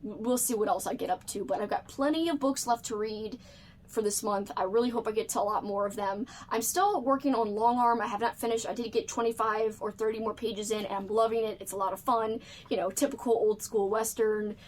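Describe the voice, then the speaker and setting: A woman's voice: a little high, steady tone, fairly quick, darkish tone, slight background noise. A woman book vlogger chatting casually to camera, bubbly and full of "like" fillers.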